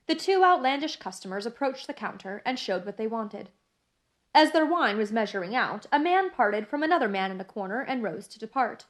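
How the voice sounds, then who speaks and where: A woman narrating a classic novel in a measured, even reading style. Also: on the high side. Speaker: audiobook narrator.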